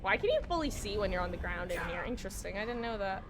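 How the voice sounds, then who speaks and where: A woman's voice: medium pitch, big pitch swings, fast talker. A young woman streaming a game, sleep-deprived and yawning, chatting in a rambling, giggly, self-deprecating way. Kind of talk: casual gaming stream chat.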